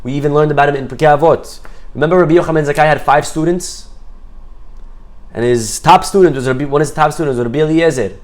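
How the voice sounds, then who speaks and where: Teaching a Torah class, a man with a fairly high voice tells a story at a quick pace, mixing in Hebrew phrases. He is a lively storyteller who acts out the voices of the characters he quotes.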